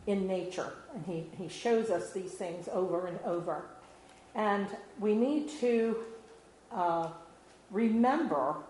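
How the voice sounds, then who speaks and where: A woman's voice: mid-range voice, darkish tone. A woman delivers an informal devotional sermon, talking in a conversational and earnest way with many fillers. Her voice carries the echo of a roomy hall. Faint noise sits underneath. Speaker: lay speaker giving a devotional.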